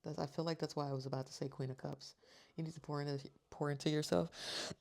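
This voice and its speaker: A woman's voice: low voice, steady tone, fast, gravelly, darkish tone. A woman giving a tarot reading to her viewers, talking earnestly and reading out card meanings. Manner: earnest, emotional, repeats reassurances; reads card descriptions aloud. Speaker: tarot reader.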